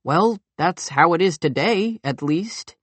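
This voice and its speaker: A man's voice: on the high side, lively intonation, slow pace, fairly bright tone, dry recording, full character voice. A man voicing a skeptical young man who challenges a teacher with pointed questions and retorts in an audiobook dialogue.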